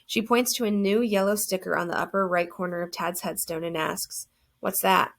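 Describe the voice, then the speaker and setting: A woman's voice: fairly low pitch, fairly even intonation, a little fast. A woman reading a first-person novel aloud as an audiobook narrator, earnest and reflective.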